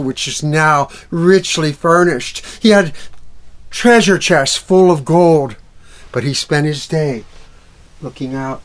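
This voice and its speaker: A man telling a fairy tale to children at a library event, acting out the characters and sound effects with lively energy. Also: mid-range voice. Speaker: musical storyteller. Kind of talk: storytelling for children.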